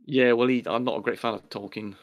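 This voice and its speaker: A man's voice: mid-range voice, fairly even intonation, fast, dull audio. A man with an English accent in a casual online debate, talking in a pedantic, indignant way that rambles with restarts.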